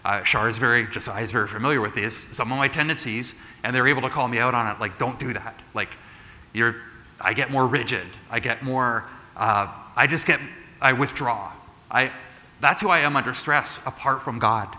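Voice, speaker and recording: A man, a pastor, giving a conversational sermon, animated as he retells a story, with frequent asides like "right?". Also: medium pitch, moderate pace, long reverb tail. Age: adult.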